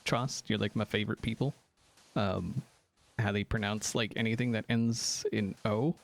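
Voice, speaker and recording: Joking around on a live stream, a man reacts animatedly to viewers' comments in a casual chat. His voice is fairly low and creaky, and he talks at a moderate pace.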